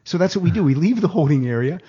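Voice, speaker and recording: Husky middle-aged man telling a story. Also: fairly high pitch, racing. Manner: animated, acts out other people's lines in a raised voice. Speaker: podcast guest telling a story. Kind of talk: casual storytelling chat. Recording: dull lo-fi podcast audio.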